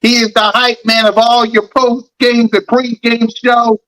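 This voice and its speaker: A man's voice: extremely high pitch, flat delivery, measured pace, a bit bright, poor audio. A man hosting a fan sports talk show, ranting in a heated, mocking way and repeating lines for emphasis.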